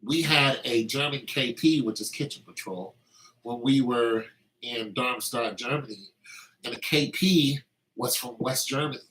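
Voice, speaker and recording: A man's voice: mid-range voice, unhurried, fairly bright tone, low-quality recording. A man talking in a casual, meandering monologue, telling anecdotes with lots of fillers.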